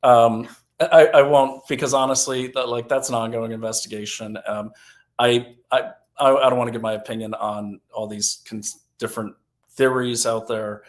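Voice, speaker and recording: A middle-aged man from Maine co-hosts a casual talk show in an ordinary mid-range voice. He is easygoing and halting, and he fills his pauses with ums while he works through viewer names. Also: medium pitch, fairly even intonation. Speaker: co-host. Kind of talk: casual chat.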